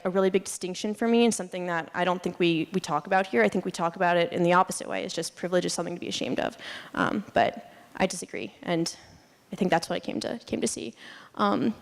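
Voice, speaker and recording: A woman's voice: fairly low pitch, steady tone, fast, gravelly. A young woman giving a casual student presentation, chatty with many fillers and frequent laughs. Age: young adult. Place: lecture hall. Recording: long reverb in a hall.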